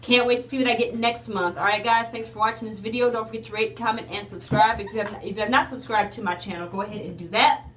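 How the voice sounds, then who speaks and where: A woman's voice: fairly high pitch, steady tone, fast talker, roomy sound, recorded from a distance, slight background noise. A woman in a casual unboxing video, chatting to her viewers and calling them y'all. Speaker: unboxing vlogger.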